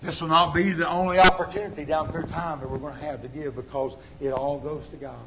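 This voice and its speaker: A man preaching a sermon as pastor, surging to loud exhortation and sinking to quiet appeals. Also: little pitch movement, brisk, a crowd in the background, poor audio. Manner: impassioned, rising to loud exhortation then dropping low. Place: church sanctuary.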